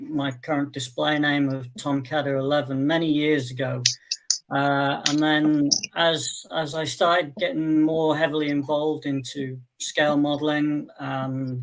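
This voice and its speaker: A man's voice: fairly high pitch, vocal fry, low-quality recording. A man with a New Zealand accent, a guest talking in an easygoing, plainspoken way. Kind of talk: casual chat.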